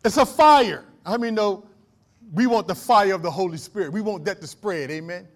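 A man's voice: high voice, fairly quick. A man preaching a sermon as pastor, calling on the congregation to answer and building to emphatic declarations. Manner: call-and-response preaching, rising to emphatic declarations. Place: church.

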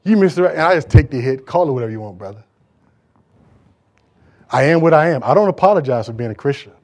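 A man's voice: on the high side, expressive, quick pace, a little mellow. A man preaching a sermon in a church, emphatic and conversational, repeating words as he drives his points home. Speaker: pastor.

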